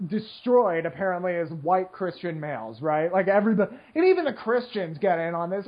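Man, high voice, poker player, casual rambling monologue, filler-heavy, dull lo-fi sound. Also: sing-song, fairly quick, hardly any pauses, husky. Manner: rambling, filler-heavy, keeps asking "right?"; mocks complainers in whiny put-on voices. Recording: slightly muffled lo-fi recording.

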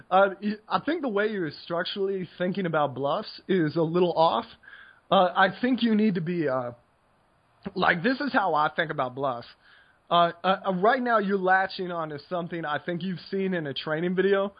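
A man's voice: fairly high pitch, brisk, highs cut off. A tired American man co-hosting a poker podcast, talking casually with lots of fillers while coaching. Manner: rambling, filler-heavy, laid-back.

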